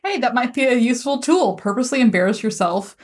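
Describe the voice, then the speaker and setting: A woman's voice: a little high, animated, quick pace. A woman co-hosting a casual podcast chat, making dry joking asides. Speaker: podcast co-host.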